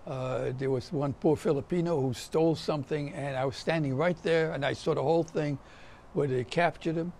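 A man's voice: a little high, fairly even intonation, moderate pace, gravelly, darkish tone, slight background noise. An older man giving a survivor testimony, recounting his memories as a vivid storyteller who acts out the voices of the people he quotes.

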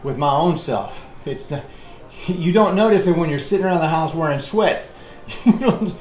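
A man's voice: on the high side, moderate pace, darkish tone. A middle-aged man, a fitness instructor rambling and counting reps as he leads a workout class. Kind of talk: leading a workout class with chat. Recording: echoey room with background noise.

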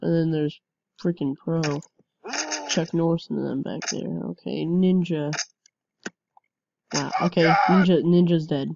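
A woman giving casual game commentary, excitable, with frequent yelps and laughs. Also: low-pitched, a little slow, creaky, pauses often, lo-fi sound, a little hiss or hum. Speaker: gameplay commentator.

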